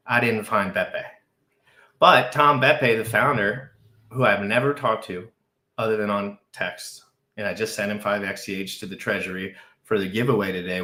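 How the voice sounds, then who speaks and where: A man's voice: fairly low pitch, measured pace, roomy sound. Frantic, overexcited man streaming live. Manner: frantic, shouting with excitement, repeating phrases. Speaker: crypto livestream host. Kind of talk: excitable live stream chat.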